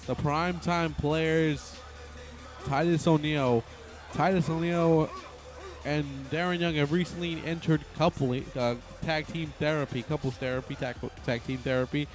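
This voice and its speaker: A man's voice: a little high, a little slow. Rambling man calling wrestling over game music. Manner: rambling, excitable, self-correcting. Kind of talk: casual play-by-play commentary over a video game.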